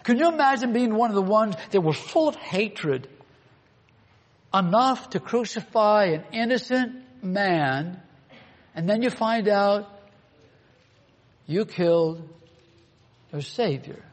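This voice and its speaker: A man's voice: high-pitched, expressive, slow pace, pauses often. A man preaching a sermon, earnest and full of rhetorical questions to the congregation. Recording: long hall reverb.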